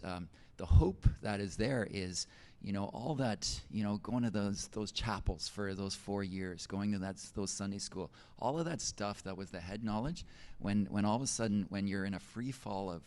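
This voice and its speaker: Middle-aged male teacher, very low voice, casual testimony full of fillers and restarts. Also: a little mellow. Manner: conversational, many fillers and restarts. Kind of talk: personal testimony in an interview.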